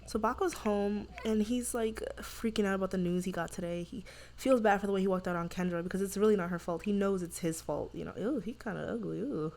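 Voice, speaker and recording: A woman's voice: mid-range voice, fairly even intonation, darkish tone, slight background noise. Chatty young woman narrating a game. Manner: chatty, lots of fillers, quick asides. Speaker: gaming YouTuber. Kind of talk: let's play commentary.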